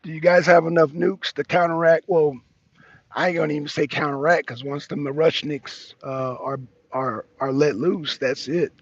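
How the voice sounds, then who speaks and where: Mocking male host, gravelly and husky. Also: on the high side, fairly even intonation, moderate pace, no room sound, lo-fi sound. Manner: mocking, repeats himself for emphasis. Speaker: talk show host debating a guest. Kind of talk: casual live debate.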